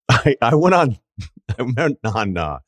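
A middle-aged man hosting a podcast, telling stories in an emphatic, chatty way with quick asides. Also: mid-range voice, very animated, dry recording. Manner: emphatic storytelling, quick asides, frequent laughs. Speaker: podcast host. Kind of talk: casual chat.

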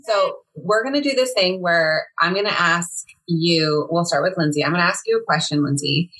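Chatty podcast co-host, a woman with a low, husky voice. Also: normal speed, a bit bright, poor audio. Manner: chatty, laughs often, runs a game. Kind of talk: casual chat.

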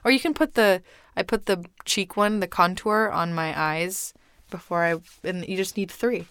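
Woman guest, casual chat, smooth clean voice, dry close sound. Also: on the low side, normal speed, a bit bright, dry recording. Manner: chatty, self-correcting, enthusiastic about beauty tips. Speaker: podcast guest.

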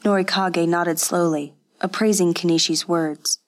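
A woman narrating a story as an audiobook reader, in a calm, even storytelling manner. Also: fairly low pitch, a little slow. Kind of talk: scripted narration.

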